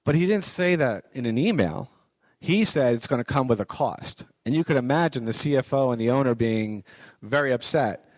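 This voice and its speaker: Lecturing college students in a conversational style, a middle-aged man who is a guest speaker on business writing repeats his points to drive them home. He speaks at a normal pace with a medium-pitched, expressive voice, and there is no echo.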